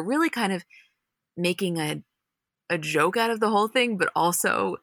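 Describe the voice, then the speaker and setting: A woman's voice: on the low side, normal speed, bright, forceful tone, no echo, studio quality. A woman co-hosting a casual recap chat, candid and profane, retelling scenes with animation. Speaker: podcast co-host.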